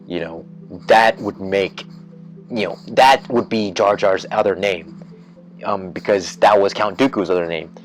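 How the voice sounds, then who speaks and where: A man's voice: low-pitched, a little slow, soft background music. A man hosting a podcast in a casual rant, rambling with many fillers and restarts and getting worked up as he imagines things. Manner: grows excited and loud when imagining twists. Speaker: podcast host.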